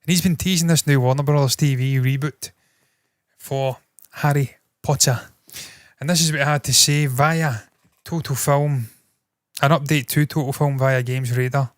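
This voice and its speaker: A man hosting entertainment news, talking bluntly and swearing often as he riffs on his opinions. His voice sits at an ordinary, mid-range pitch. The sound is close and dry, with no room echo. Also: fairly even intonation, moderate pace. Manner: blunt, swears freely, thinks aloud with restarts. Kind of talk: casual opinionated commentary.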